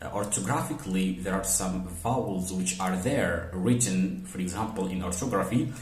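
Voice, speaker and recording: A man teaching a phonetics lesson. He explains step by step, repeats example words slowly and keeps saying "okay" and "for example". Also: deep voice, a little mellow, echoey room.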